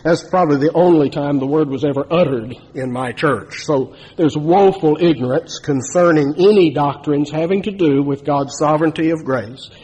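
A man's voice: fairly high pitch, moderate pace, hardly any pauses, darkish tone, husky. A man preaching a sermon, telling a story and building to emphatic, rising climaxes. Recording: long hall reverb.

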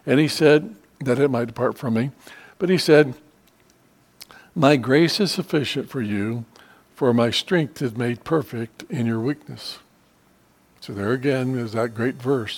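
A man's voice: mid-range voice, a little slow. A middle-aged man teaching a church Bible study in an earnest, conversational way, with frequent restarts and fillers.

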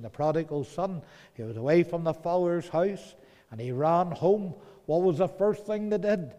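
A man preaching a sermon, swinging between loud urgent pleading and soft hushed tones. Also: mid-range voice, expressive, measured pace. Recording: long hall reverb.

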